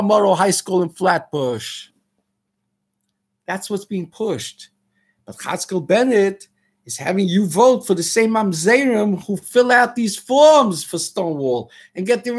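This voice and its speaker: A man's voice: sits high, slightly rough. An older man hosting a radio show, delivering an impassioned, frustrated monologue sprinkled with Yiddish and Hebrew words. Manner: ranting, frustrated, peppered with Yiddish and Hebrew terms.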